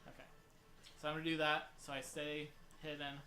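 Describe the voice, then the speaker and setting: Halting player in a roomy space. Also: male voice, fairly high pitch, completely flat delivery, pushed and bright, slight background noise. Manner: halting, thinks aloud with fillers. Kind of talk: casual tabletop play.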